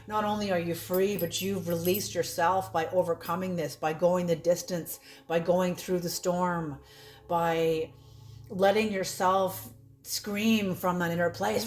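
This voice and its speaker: A woman's voice: mid-range voice, darkish tone. A woman giving a casual spoken tarot reading, blunt and laughing often, swearing freely. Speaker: tarot reader. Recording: roomy echo.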